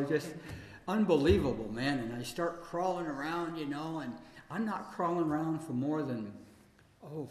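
A man telling a long personal story aloud in a loose, rambling, conversational way, full of fillers like "you know" and "man.". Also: a little high. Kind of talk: live personal storytelling monologue. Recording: echoey hall with faint noise.

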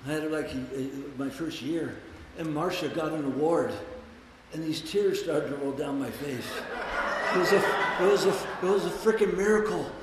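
Guy in his 20s telling his recovery story to a group, swears a lot, goes way up high doing voices, big echoey hall. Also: normal speed. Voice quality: swears freely and acts out voices with big pitch jumps. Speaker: recovery meeting speaker. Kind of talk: personal recovery share to a group. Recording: very echoey hall with long reverb, faint background noise.

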